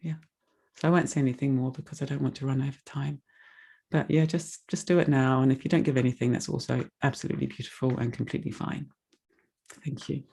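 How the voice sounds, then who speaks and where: Brief: woman, gravelly edge, heartfelt donation appeal, rambling and emotional, near tears. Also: a bass voice, steady tone, fast talker, dark tone. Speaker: speaker making a donation appeal. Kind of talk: heartfelt fundraising appeal in an online meditation session.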